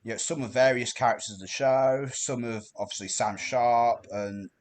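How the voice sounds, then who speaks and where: A man's voice: mid-range voice, moderate pace. A man hosting a casual podcast chat, hesitant, with many fillers and restarts. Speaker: podcast host.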